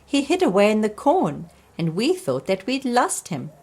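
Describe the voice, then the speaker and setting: A woman's voice: medium pitch, wildly swooping pitch, moderate pace, darkish tone, husky, heavily acted. A woman reading a storybook, voicing a bossy, practical older sister who speaks firmly.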